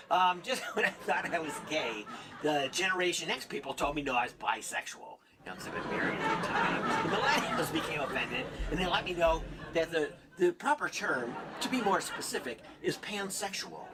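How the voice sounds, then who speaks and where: A man's voice: on the high side, big pitch swings, normal speed, a loud crowd. A man doing a stand-up comedy set, rambling and self-mocking, laughing at his own jokes on stage before a live audience. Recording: live club audience and ambient noise.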